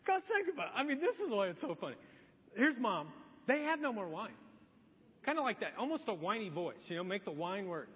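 A man's voice: high-pitched, sing-song, fast, breathy edge, long reverb tail, dull audio. A man preaching a sermon as a pastor, in a casual, joking storytelling manner.

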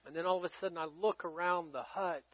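Male pastor, middle-aged, high-pitched, dry close sound, slightly dull audio, chatty sermon storytelling. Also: fast, no room sound. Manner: conversational, dramatic swings from loud to hushed.

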